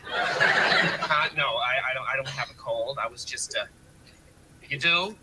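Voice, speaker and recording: A man's voice: medium pitch, unhurried, natural voice. An actor playing an easygoing young man who jokes and resists being talked into things in a 1970s sitcom. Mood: reluctant. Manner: reluctant, joking. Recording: noisy broadcast recording.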